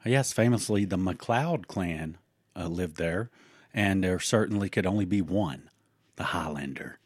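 Deep husky man, playful co-host. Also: unhurried, no room sound, clean studio sound. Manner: playful, drops into hushed spooky tones for effect. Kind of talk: casual chat.

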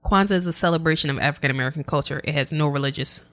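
A woman co-hosting a podcast in casual chat, explaining things at length with many fillers and laughing loudly. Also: low voice, rapid-fire. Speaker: podcast co-host.

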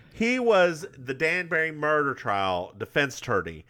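Chatty guy on a podcast, bright voice that jumps around a lot, acts out quotes. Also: a little high, huge pitch swings, unhurried, clean tone. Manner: chatty, storytelling with acted-out quotes. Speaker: podcast co-host. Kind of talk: casual chat recapping a TV episode.

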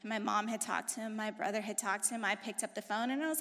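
A woman in her forties giving a personal testimony in church, talking fast and telling her story with animated, emphatic intensity. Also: mid-range voice. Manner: emphatic, rising to forceful intensity. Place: church sanctuary. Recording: long reverb of a large hall.

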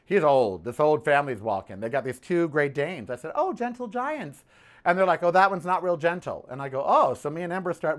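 A man hosting his own podcast, ranting casually about politics and telling a story with sassy "honey" asides. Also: fairly high pitch. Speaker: podcast host.

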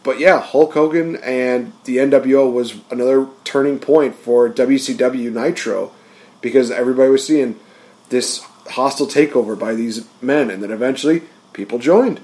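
A man co-hosting a relaxed podcast, his voice sitting in an ordinary middle register. He talks animatedly and breaks into quick impressions of wrestler promos before dropping back into easy chatter. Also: mid-range voice. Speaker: podcast co-host. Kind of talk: casual chat.

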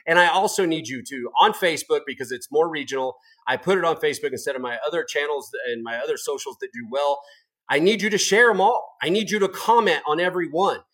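A man's voice: a little high, fairly bright tone. A man hosting a political talk show, delivering a fired-up, profane, combative rant with heavy emphasis.

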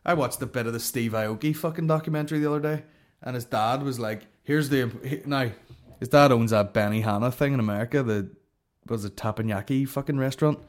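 Sweary Northern Irish podcast host. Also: male voice, mid-range voice. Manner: profane, rambling, swears constantly. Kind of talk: casual comedic rant.

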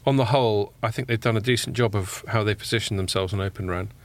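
A man hosting a casual podcast, relaxed and steering the conversation. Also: on the low side, quick pace. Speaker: podcast host.

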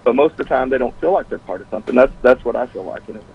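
A man as a guest on a faith talk show, speaking in a casual, halting way with many restarts and fillers. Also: mid-range voice, lively intonation, creaky, husky. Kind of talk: casual conversational interview. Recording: tinny phone-like line.

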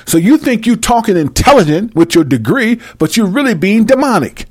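A man giving a freewheeling, profane Bible commentary, brash and mocking, swinging between loud outbursts and low mutters. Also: big pitch swings, a little fast. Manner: brash, mocking and full of cursing. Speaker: self-styled preacher.

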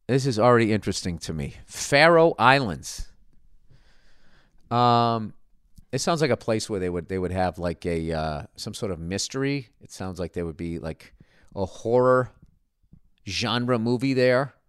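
Male podcast host, sarcastic and swearing, smooth clear voice, bone-dry sound. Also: lowish voice, no echo. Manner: profane, rambling, sarcastic. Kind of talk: casual comedic rant and ad read.

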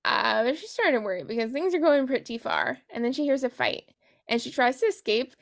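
A woman's voice: high-pitched, animated, a little fast, creaky. A woman hosting a book podcast, recapping a novel in casual chat. She is sarcastic, swears freely and giggles at her own jokes.

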